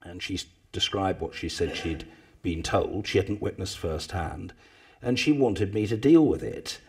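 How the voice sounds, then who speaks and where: Husky older man telling lively anecdotes. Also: deep voice, measured pace. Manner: animated storyteller, mimics others with loud bursts. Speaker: former parliamentary speaker, guest. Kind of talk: anecdotal talk to a live audience.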